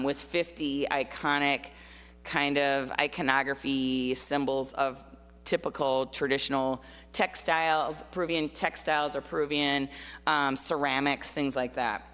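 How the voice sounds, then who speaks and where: A woman's voice: low voice, fairly bright tone, clean tone. A middle-aged woman from Minnesota speaking as a guest artist, telling personal stories in a chatty way with many fillers. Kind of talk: casual personal talk. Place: church hall. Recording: long hall reverb.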